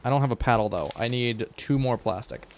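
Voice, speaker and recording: A man's voice: mid-range voice, lively intonation, a little fast, slight background noise. A man streaming a game live, chatting and joking with his co-player and chat. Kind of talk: casual livestream gaming chat.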